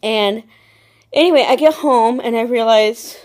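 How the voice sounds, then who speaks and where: Young woman vlogger, pitched a bit high, chatty and rambling with lots of fillers, recorded on a phone. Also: measured pace, darkish tone. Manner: rambling storytelling full of "like" and restarts. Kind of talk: casual chatty vlog. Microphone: phone camera.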